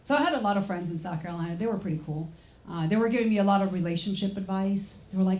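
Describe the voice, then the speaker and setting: Speaking very fast in a medium-pitched voice, this young French-born comic, a native French speaker, tells stories deadpan and acts out quoted voices. She's on a comedy club stage, recorded in a roomy space with audience noise and laughter.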